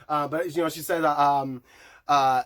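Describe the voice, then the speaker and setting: A man's voice: fairly high pitch, steady tone, moderate pace, fairly bright tone. A man chatting casually through an album review, rambling and profane, often laughing and singing along to lyrics. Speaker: music reviewer.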